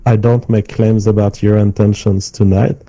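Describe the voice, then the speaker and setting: A man with a French accent, calmly and deliberately defending himself in a live-stream debate. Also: lowish voice, no room sound, rough recording. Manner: calm, measured, deliberate. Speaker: stream guest.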